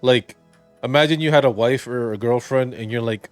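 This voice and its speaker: A man's voice: mid-range voice, normal speed, clean tone, faint music behind. A man giving rambling, jokey let's play commentary and reading the game's dialogue aloud. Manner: rambling, jokey, reads game text aloud. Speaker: gaming video commentator.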